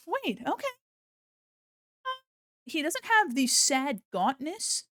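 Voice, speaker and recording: During a casual live stream of her artwork, a woman with a high-pitched, a bit bright voice speaks slowly yet very animatedly. She talks into a desk mic on an arm at home and lapses into baby talk with her cat.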